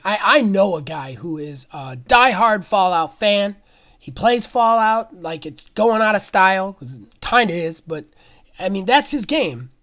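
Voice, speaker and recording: Excitable rambling man, podcast co-host. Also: high-pitched. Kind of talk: casual podcast chat.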